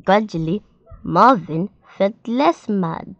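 Slow storytime reader, woman. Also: mid-range voice, expressive, no echo, dull audio. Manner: slow, clear storytime reading. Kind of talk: reading a picture book aloud to children.

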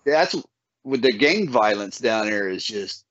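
A man's voice: fairly low pitch, lively intonation, a bit bright, no room sound. A man hosting a podcast, telling stories in a laid-back, folksy way. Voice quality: laid-back, folksy storytelling with drawn-out words. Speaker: podcast host. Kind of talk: casual podcast chat. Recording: dull, dry lo-fi audio.

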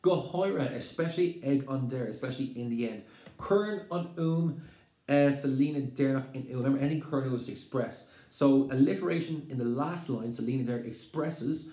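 A man's voice: mid-range voice, dark tone. Irish man teaching in an echoey room. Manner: explains slowly, mixing Irish phrases with English glosses. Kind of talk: exam-prep lesson explaining a poem. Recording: roomy echo.

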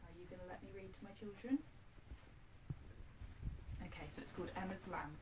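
A woman teacher filming herself at home, reading a picture book aloud to her class in a gentle, expressive way with little asides to the children. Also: medium pitch, fairly quick. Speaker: primary school teacher. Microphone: self-filmed camera. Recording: distant mic, faint background noise.

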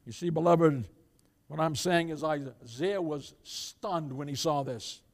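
High-voiced preacher building dramatic swells. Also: male voice, slow pace. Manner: preaching with dramatic swells, repeated "beloved", calls for amen. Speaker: pastor. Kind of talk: sermon.

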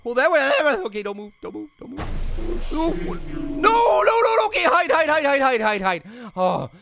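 A man voicing a hyper, wisecracking male cartoon fruit who excitedly comments on a video game, repeating himself and yelping at scares. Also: moderate pace, over music, full character voice. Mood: jumpy. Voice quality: high, gravelly voice. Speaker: let's play commentator. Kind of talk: let's play commentary.

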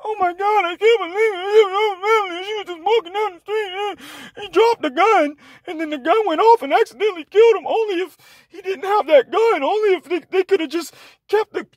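A man's voice: very high voice, normal speed, no echo, voice pushed up. A whimpering crybaby man. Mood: sobbing mockery. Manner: mocking, exaggerated whimpering. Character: whiny sobbing grown man mocked as a crybaby.

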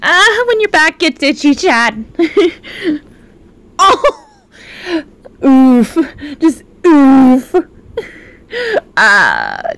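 Excitable woman streamer, high bouncy voice, unhurried delivery between outbursts. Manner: excitable, exclaiming and swearing. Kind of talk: casual live-stream chat.

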